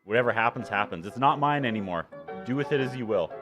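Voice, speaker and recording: A man's voice: mid-range voice, animated, fast talker, a bit bright, soft background music. A man who is an author and a regular on a podcast, joking dryly and self-deprecatingly in casual chat.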